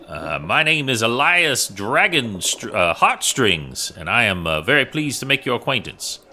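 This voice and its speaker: A man's voice: very animated, pushed and bright, exaggerated voice. A man voicing an overly polite, eager male adventurer who speaks formally and hesitantly. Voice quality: formal, courtly phrasing. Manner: high, drawn-out, hesitant delivery.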